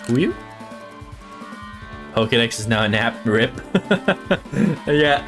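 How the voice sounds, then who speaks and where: A man's voice: medium pitch, lively intonation, slow, long pauses, fairly bright tone, soft background music. A man giving casual let's-play commentary, full of profane, joking, playful asides. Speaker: gaming streamer.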